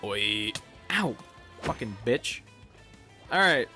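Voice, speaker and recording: A man's voice: medium pitch, sing-song, slow, bright, forceful tone, soft background music. A young man streaming a game, chatting casually in a rambling, profane way and laughing often. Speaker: live streamer.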